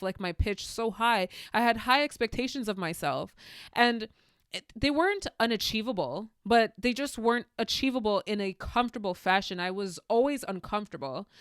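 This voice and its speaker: Smooth-voiced woman hosting a podcast. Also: mid-range voice, no echo, studio quality. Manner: candid, animated storytelling with spiritual musings. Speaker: podcast host. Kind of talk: reflective solo podcast monologue.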